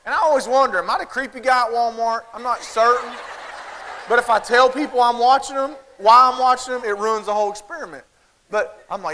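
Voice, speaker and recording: A man with a Southern accent and an extremely high-pitched voice, speaking at normal speed, delivers a humorous keynote in a large conference hall. He tells stories animatedly, acting out the voices of parents and kids. The recording carries hall reverb from the big venue, with audience laughter behind him.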